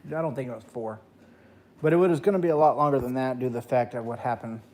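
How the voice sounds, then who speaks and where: A man's voice: fast talker, a little mellow. A man, a gaming streamer, telling a long personal story in casual late-night talk, rambling and profane, with a dry throat. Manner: profane, rambling, jumps to high voice when quoting.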